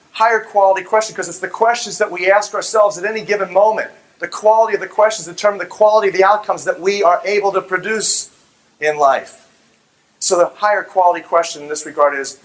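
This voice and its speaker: A man's voice: on the high side, rough recording. Fervent man telling a story. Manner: animated storyteller who acts out quoted voices; fervent, religious tone. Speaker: public speaker. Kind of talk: storytelling public talk.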